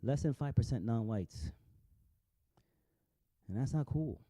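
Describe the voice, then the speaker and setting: Dark-voiced man ranting casually. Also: medium pitch, lively intonation, takes it slowly, no room sound. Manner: rambling, profane, stumbles and repeats words. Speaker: vlogger. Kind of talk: casual commentary over clips.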